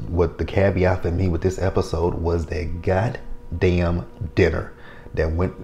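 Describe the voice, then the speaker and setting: Male reviewer with a low voice; lively, foul-mouthed casual recap. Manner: animated, profane, acts out the scenes with quotes. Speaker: TV episode reviewer.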